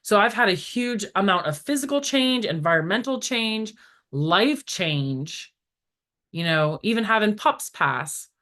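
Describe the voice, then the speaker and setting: Animated woman chatting about inner healing. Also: mid-range voice, measured pace. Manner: animated storytelling, acts out voices in quotes; frequent "like" fillers. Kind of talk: casual spiritual chat.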